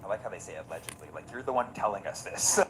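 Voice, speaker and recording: A man's voice: on the low side, expressive, fast talker, background noise. A man giving sarcastic commentary and reading text messages aloud, laughing between lines. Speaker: online commentator.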